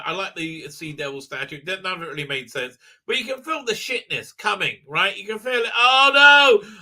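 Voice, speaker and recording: A man's voice: on the high side, sharp tone. A man hosting a livestream review, talking in a sarcastic, rambling way with lots of fillers and tag questions. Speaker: host, reviewer.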